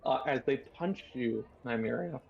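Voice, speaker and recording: Gravelly husky guy gm'ing a tabletop game, takes his time, kinda muffled lo-fi mic. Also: mid-range voice. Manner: unhurried, descriptive, many fillers. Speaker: game master.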